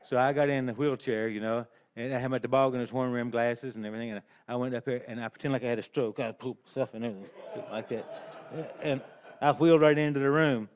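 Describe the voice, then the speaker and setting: A man's voice: mid-range voice, fairly even intonation, fast talker, clean tone. An older man telling a rambling, folksy personal story, chuckling along as he goes. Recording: dull lo-fi recording.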